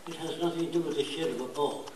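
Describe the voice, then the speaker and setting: A blunt older man lectures with emphasis, his voice sitting a little high. He sounds distant from the mic, in a very echoey room with a faint hiss behind him. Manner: blunt, emphatic, mimics accents in quick asides. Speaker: speaker giving a talk.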